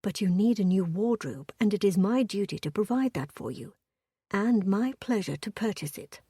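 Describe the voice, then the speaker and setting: Lady reading a calm firm gentleman lord, low-key and measured, mellow dry voice. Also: slightly rough, no echo. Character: gallant young viscount husband, firm.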